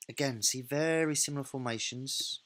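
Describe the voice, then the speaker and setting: A man's voice: medium pitch, moderate pace, a bit bright. Man casually narrating a management game. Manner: thinks aloud, casual and self-correcting. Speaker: let's play host.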